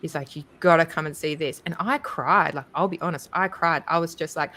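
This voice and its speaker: A woman talking casually on a crypto panel, chatty and animated, with many ums and likes. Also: low-pitched, brisk, few pauses. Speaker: crypto conference speaker. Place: livestreamed panel.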